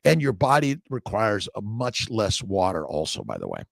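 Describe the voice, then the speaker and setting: Middle-aged male doctor hosting a livestream, low voice, loose and preachy, dry close mic. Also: wildly swooping pitch, moderate pace, vocal fry, no room sound. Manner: loose, repetitive, preachy, swears casually. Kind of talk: casual livestream chat, reading viewer comments.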